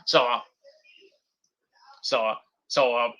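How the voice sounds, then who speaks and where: Slow and mid-range in pitch, a man gives a laid-back vlog rundown of a wrestling show, animated throughout, dropping curses and impersonating what people said.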